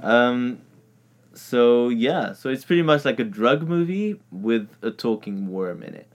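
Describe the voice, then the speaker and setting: A man's voice: mid-range voice, animated, a little slow. A man co-hosting a casual podcast, enthusiastically recommending a cult horror film with many fillers and little laughs. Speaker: podcast co-host.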